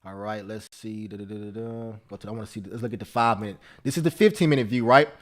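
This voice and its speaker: A man teaching a live options trading class, excitable and repetitive, talking straight to his viewers and breaking into snatches of song. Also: on the low side, racing. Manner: sings snatches of love songs.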